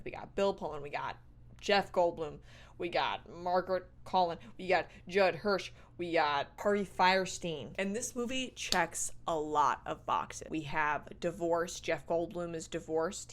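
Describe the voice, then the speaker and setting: This is a young woman reviewing a movie in a casual vlog, her voice sitting a little low. She riffs with a playful, sarcastic edge and swears offhandedly.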